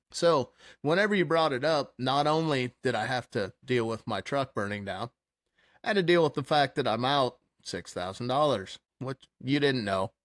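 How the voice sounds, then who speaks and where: A man telling a wild story in casual chat, animated, laughing and swearing freely. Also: medium pitch, no room sound, studio quality. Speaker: podcast co-host.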